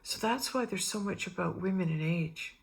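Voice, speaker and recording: A middle-aged woman with a gravelly, fry-tinged voice sits low in her register as she rambles through spiritual musings. She drifts from one personal story to the next, acting out what others said along the way. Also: moderate pace. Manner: meandering, animated re-enactments with quoted voices. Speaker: spiritual vlogger.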